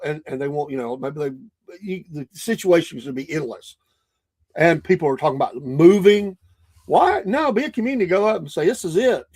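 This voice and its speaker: Rambling Southern man, slightly high voice. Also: a little mellow. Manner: rambling, folksy storytelling with frequent restarts. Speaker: podcast host. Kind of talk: casual monologue.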